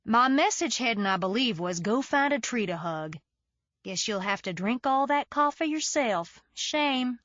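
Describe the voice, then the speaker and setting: A woman's voice: on the high side, lively intonation, measured pace, a bit bright, no room sound. A smug, teasing man in his early forties drawls his jabs in an overdone hick accent, played by a woman reading the book. The sound is close and dry, with a slightly dull, lo-fi edge. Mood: mocking. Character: cocky teasing beach-bum lawyer man, early forties.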